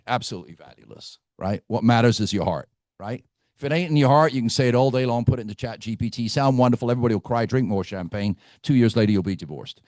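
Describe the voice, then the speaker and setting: A middle-aged man leads a team training in a meeting room, speaking bluntly and telling stories. He keeps checking in with his listeners. His voice sits at a medium pitch, recorded dry and close. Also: darkish tone, no echo. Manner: blunt, storytelling, asks "right?" often. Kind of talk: live team training talk.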